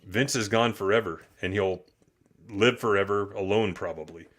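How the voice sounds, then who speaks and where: Guy hosting a live stream, fairly low voice, loose and opinionated, swears a bit. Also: moderate pace, fairly bright tone. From United States. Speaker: podcast host. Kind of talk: casual live-stream chat.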